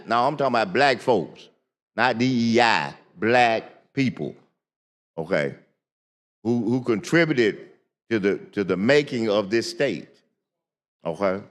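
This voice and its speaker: Older male senator, slow deliberate delivery, emphatic repetition, long chamber reverb. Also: mid-range voice, lively intonation. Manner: deliberate, emphatic, repeats for stress. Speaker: state senator. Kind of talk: floor debate. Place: legislative chamber.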